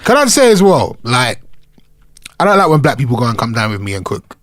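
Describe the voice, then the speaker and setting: A man's voice: mid-range voice, sing-song, fairly quick, a bit bright, dry recording, clean studio sound. A man co-hosting a podcast, chatting casually and bantering with plenty of laughs. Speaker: podcast co-host. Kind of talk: casual chat.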